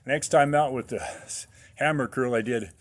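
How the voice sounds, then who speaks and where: A man's voice: mid-range voice, moderate pace. A slightly out-of-breath man talking casually to camera about his workout, rambling with many fillers. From United States. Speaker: fitness vlogger.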